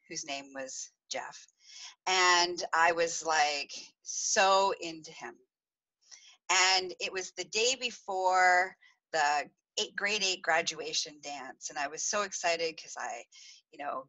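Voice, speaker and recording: A woman hosts a podcast and tells a personal story confessionally, giggling and acting out the dramatic moments. Her voice is deep, with a bright, forceful tone, and the audio quality is poor.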